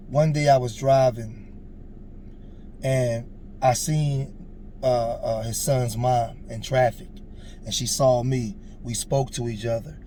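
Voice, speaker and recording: A man's voice: mid-range voice, warm tone, a little hiss or hum. A man in his forties telling a personal story in a casual, earnest way, with emphatic, preachy asides. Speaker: storyteller on a street interview show.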